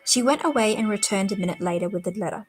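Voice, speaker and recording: A woman reads a novel aloud on a stream in a voice of ordinary middle pitch. Between passages she makes chatty, self-mocking asides, and faint music plays in the background. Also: fast, poor audio. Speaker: reader.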